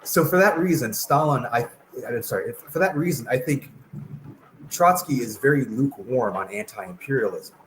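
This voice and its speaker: A man's voice: mid-range voice, animated, normal speed, a bit bright, a little hiss or hum, low-quality recording. A man talking as a guest in a casual political discussion over a video call, hesitant with many fillers and restarts.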